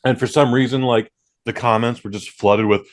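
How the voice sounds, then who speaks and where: A man's voice: medium pitch, fairly even intonation, moderate pace. A man hosting a podcast, chatting casually and ranting with plenty of swearing. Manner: ranting, profane. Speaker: podcast host. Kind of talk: casual chat.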